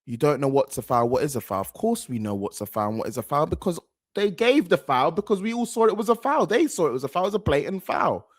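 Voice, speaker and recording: A man hosts a football reaction video in a casual, rambling way, stacking slang and repeating himself. His pitch jumps up and down a lot as he gets worked up. The sound is close and dry, with no room around it. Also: very animated, quick pace, no room sound. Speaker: football channel host.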